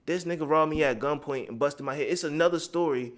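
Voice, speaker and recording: A man's voice: a little high, fast talker. A man giving heated, profane commentary, rambling and drifting off his script. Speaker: commentary vlogger.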